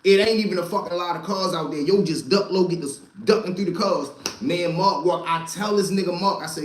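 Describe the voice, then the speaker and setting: A man with a somewhat high voice tells wild stories from his past in loose, profane street slang, repeating lines for punch. The sound bounces around an echoey room. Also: brisk. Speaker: host telling street stories. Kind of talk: casual storytelling.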